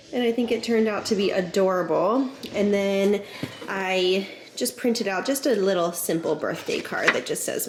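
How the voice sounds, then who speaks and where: A woman's voice: mid-range voice, slight background noise. A woman in her thirties chatting casually to the camera at home as a family vlogger, gushing and talkative while she tells her kids what comes next. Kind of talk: casual vlog chat.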